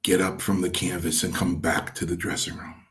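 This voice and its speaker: Deep-voiced man telling wrestling tales. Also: normal speed. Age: middle-aged. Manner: acts out quotes of others, lively. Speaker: retired pro wrestler telling stories. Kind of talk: anecdotal storytelling.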